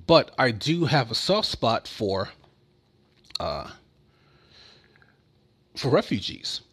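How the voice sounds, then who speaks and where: A man's voice: mid-range voice, sing-song, takes it slowly, a bit bright, husky. A man giving casual political commentary in a blunt, sarcastic and profane way.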